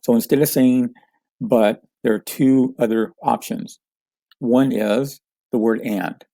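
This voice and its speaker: A man teaching a communication lesson, calmly explaining with example phrases. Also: mid-range voice, slow, gravelly, no echo. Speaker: communication coach.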